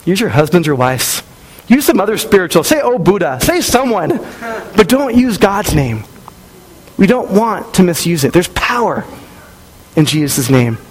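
A male pastor in his thirties delivers a sermon with a notably high-pitched voice. He speaks in a relaxed, conversational way and slips into the voices of people in his stories. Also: moderate pace, poor audio. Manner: conversational, storytelling with acted-out quotes.

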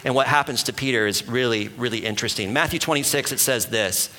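A man giving a sermon as a pastor, talking in a conversational and animated way and asking the room questions. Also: medium pitch, fast talker. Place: church hall with an audience. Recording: long hall reverb.

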